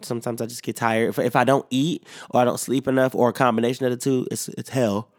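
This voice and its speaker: With a steady, mid-range tone, this man talks fast as he hosts his podcast alone. He's sleepy and yawning, a little sick, and his casual rambling is packed with profanity, fillers, and restarts, all in clean studio sound without room noise.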